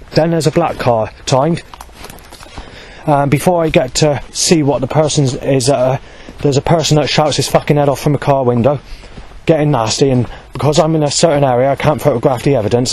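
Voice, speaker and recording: A man's voice: medium pitch, a little fast, darkish tone, a little hiss or hum, rough recording. A man giving an angry, rambling spoken account, swearing heavily and correcting himself often. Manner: heavily profane, agitated, rambling with many self-corrections. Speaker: vlogger.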